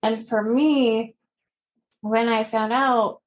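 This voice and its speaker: Woman guest in her 30s, slow earnest storytelling with soft laughs. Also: a little high, steady tone. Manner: slow, earnest, laughing softly between phrases. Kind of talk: personal story in a podcast interview.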